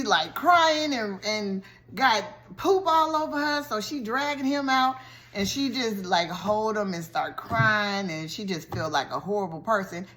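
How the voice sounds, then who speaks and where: A woman vlogger recaps a TV show's storyline in a casual, gossipy way. She is animated and colloquial, often addressing the listener directly with slangy asides. Her voice sits in a middle pitch range. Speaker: vlogger reviewing a TV show.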